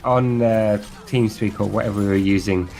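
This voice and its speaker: A man's voice: fairly low pitch, fairly even intonation, normal speed, gravelly, a little mellow. A man, co-hosting a casual gameplay review and joking at his own mistakes. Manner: self-deprecating, jokey, laughs at himself. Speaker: co-host whose play is being reviewed.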